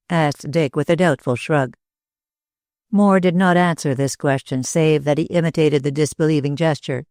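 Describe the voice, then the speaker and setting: Audiobook narrator: woman, lower voice, steady and measured, dry close sound. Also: no room sound. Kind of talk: scripted narration.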